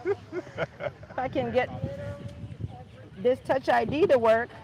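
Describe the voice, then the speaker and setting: A woman's voice: sits high, slow pace. A woman co-hosting a live podcast outdoors on a beach, flustered and exclamatory. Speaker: podcast co-host. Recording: distant mic with loud outdoor noise.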